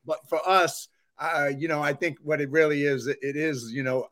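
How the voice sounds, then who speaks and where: A man's voice: a little high, fairly even intonation, moderate pace, a bit bright. A man with a New York accent hosting a podcast in casual, friendly chat. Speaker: podcast host.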